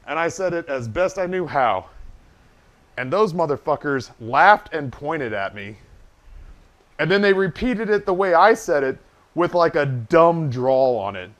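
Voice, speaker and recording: A man's voice: on the high side, lively intonation, unhurried, a bit bright. A man streaming live, telling a long story from his waiting days in a casual, profane, self-deprecating way.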